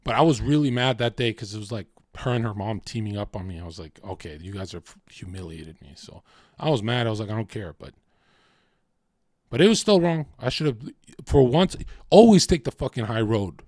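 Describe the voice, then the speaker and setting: A man's voice: mid-range voice, lively intonation, brisk, darkish tone, no echo, clean studio sound. A man livestreaming, ranting casually in a heated, profane, rambling way.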